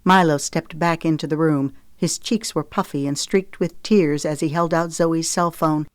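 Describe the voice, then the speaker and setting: A woman narrating a romance novel in a steady, expressive audiobook reading. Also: low-pitched, moderate pace, dry recording. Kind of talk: scripted narration.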